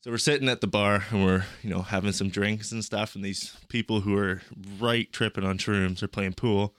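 Profane, animated young man telling travel stories. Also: lowish voice, normal speed, no echo, studio quality. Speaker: podcast guest. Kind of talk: casual chat.

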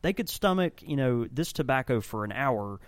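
A man's voice: mid-range voice, expressive, moderate pace, no room sound. A man who owns a tobacco shop, chatting enthusiastically in a rambling way and often restarting his sentences. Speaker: tobacco shop owner and blender. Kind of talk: casual podcast chat.

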